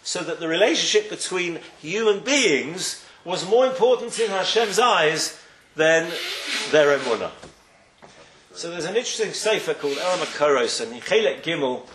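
A man's voice: fairly high pitch, lively intonation, normal speed, a bit bright, a little hiss or hum. A man giving a sermon as a rabbi, telling stories and acting out the people he quotes with lots of emphasis. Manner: storytelling, acts out quoted people, rising and falling emphasis. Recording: echoey room.

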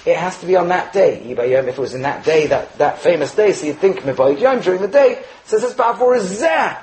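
Man, high voice, lively lecturer, rhetorical questions, Torah class. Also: a little fast, poor audio. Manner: animated, rhetorical questions, mixes Hebrew terms into English. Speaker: Torah teacher.

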